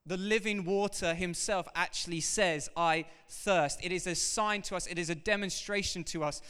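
A man preaching with an animated, emphatic delivery, his voice pitched a little high for a man and smooth and resonant. His words ring out with a long reverb from a large hall. He talks directly to the congregation as he goes. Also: normal speed. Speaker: pastor. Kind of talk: sermon.

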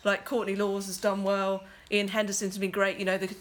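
A woman's voice: mid-range voice, monotone, moderate pace. A woman analysing rugby in a casual discussion, speaking fluently and analytically, with a habit of saying "like". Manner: fluent, analytical, uses filler 'like'. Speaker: rugby pundit.

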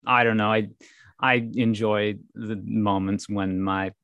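A man from Minnesota with a light Minnesotan accent, chatting casually on a podcast and pausing often with ums and restarts. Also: lowish voice, level tone, no room sound, dull audio. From Minnesota, USA. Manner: hesitant, many ums and restarts. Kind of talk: casual chat.

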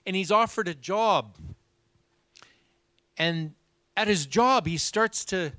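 A man preaching a sermon, animated, acting out the people in his stories. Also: high voice, takes it slowly, no room sound. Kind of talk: sermon storytelling.

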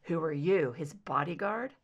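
A stubborn male agent squares up , read by a woman in a somewhat lower voice. He speaks in a clipped, confrontational manner, in an audiobook of fan fiction. The reading stays lively in pitch. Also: measured pace, exaggerated voice. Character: determined male FBI agent, defiant.

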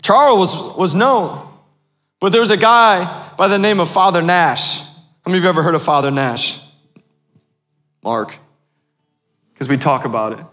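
A man's voice: high-pitched, normal speed, pauses often, a bit bright, long reverb tail, faint music behind. A man preaching a sermon as pastor, asking the congregation questions as he goes.

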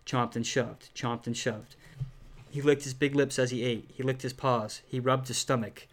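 A man's voice: medium pitch, little pitch movement, moderate pace. A man reading a children's horror book aloud, then chatting casually about it with fillers and restarts. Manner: plain read-aloud with hesitant fillers in chat.

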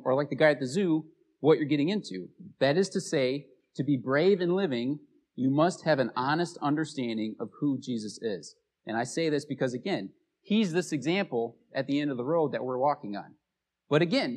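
Brief: male pastor, relaxed storytelling sermon, slightly higher-pitched voice. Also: breathy edge. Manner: casual storytelling, conversational.

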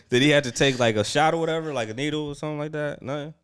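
A man's voice: fairly high pitch, fast, smooth. A young man co-hosting a casual talk show, telling stories with bursts of laughter and slang-filled banter. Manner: animated storytelling with bursts of laughter. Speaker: podcast co-host.

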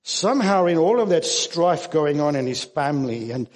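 A man's voice: a little high, animated, moderate pace, in a large hall. A man preaching a sermon as pastor, earnest and emphatic, often restarting his words.

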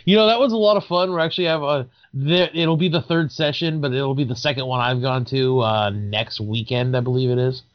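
A man co-hosting a laid-back tabletop gaming chat, often stammering and restarting before landing a light joke. His pitch is a plain middle range. The audio is somewhat dull and lo-fi. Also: fairly quick, few pauses. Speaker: podcast co-host. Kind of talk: casual chat about tabletop games.

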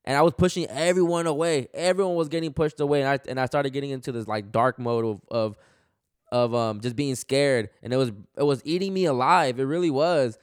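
A man's voice: mid-range voice, fairly quick, smooth, dry recording, clean studio sound. A man telling a personal story in casual, slangy speech, acting out what people said. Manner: animated, slangy, retells dialogue.

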